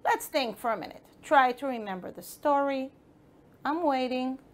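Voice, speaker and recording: Speaking in a high, animated voice at a moderate pace, an Israeli-accented woman gives children a broadcast English lesson. She encourages the kids and speaks to them directly, asking them questions.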